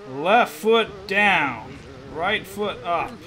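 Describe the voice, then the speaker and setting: A man's voice: high voice, expressive, extremely slow, pushed and bright, low-quality recording. A man hosting a let's play, commenting on his gameplay and groaning in frustration as he keeps failing. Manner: frustrated, groaning and muttering at the game.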